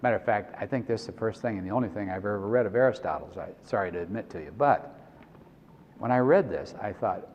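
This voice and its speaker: A man's voice: fairly low pitch, fast talker, a little mellow, a little hiss or hum. Middle-aged man speaking in a reverberant hall. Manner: conversational, acts out prayers and dialogues, frequent restarts. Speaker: Christian speaker and consultant. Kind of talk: conference talk. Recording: dull recording with long hall reverb.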